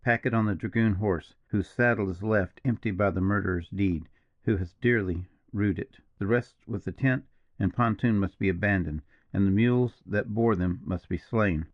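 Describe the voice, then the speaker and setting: A man voicing a grave, brooding partisan officer in an audiobook, speaking slowly and in a measured, mournful way. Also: lowish voice, no echo, highs cut off. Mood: commanding. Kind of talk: audiobook character reading.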